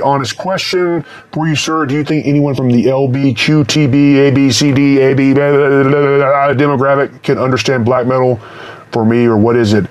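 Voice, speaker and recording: A man from Texas with a light regional accent, his voice run through a cheap voice changer and sitting a little high. He rambles through viewer questions in a blunt, foul-mouthed, offhand way. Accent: mild Texas. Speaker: band frontman answering viewer questions. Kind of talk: casual question-and-answer chat.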